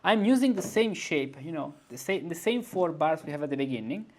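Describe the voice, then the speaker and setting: A man's voice: on the high side, animated, fairly quick, darkish tone. A male music teacher giving an informal composition lesson, thinking aloud and humming melodies on nonsense syllables.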